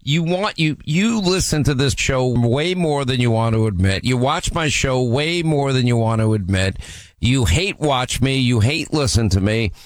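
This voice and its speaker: A male talk radio host with a middle-pitched voice, firing questions at a caller. He is brusque and mocking. The sound is dry and close, with no room around it. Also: animated, measured pace, no room sound. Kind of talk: combative call-in radio talk.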